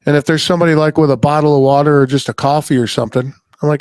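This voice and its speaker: A man's voice: on the high side, fairly even intonation, racing, few pauses, darkish tone, smooth, no echo. A middle-aged man hosting a podcast, telling a story in a blunt, rambling, folksy way and swearing freely. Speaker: podcast host. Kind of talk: casual storytelling chat.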